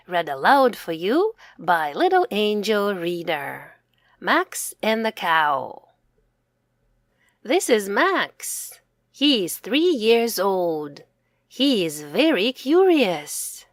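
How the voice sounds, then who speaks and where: A woman reading her own children's story aloud, telling it slowly and expressively and asking the listening children questions. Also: medium pitch, no echo, clean studio sound. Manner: slow, expressive, sing-song storytelling for children. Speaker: storybook reader and author.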